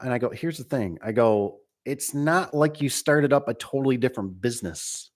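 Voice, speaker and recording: A man's voice: medium pitch, fairly quick, few pauses. A middle-aged man who runs a garage door business, talking casually on a livestream, rambling with many fillers and restarts.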